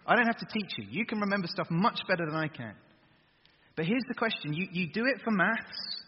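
A man preaching a sermon, asking his listeners direct questions in a lively way. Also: high-pitched, brisk, a little hiss or hum. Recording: dull recording with long hall reverb.

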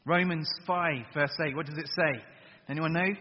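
A man's voice: a little high, moderate pace. A man preaching an earnest sermon to a congregation, full of emphatic rhetorical questions. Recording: dull sound with long hall reverb.

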